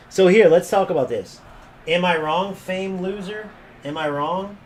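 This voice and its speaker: A man's voice: sits high, a little slow, a little hiss or hum. A man streaming a football video game, ranting and mocking opponents while he swears freely. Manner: brash, mocking, insults opponents and swears often. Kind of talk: gameplay commentary rant.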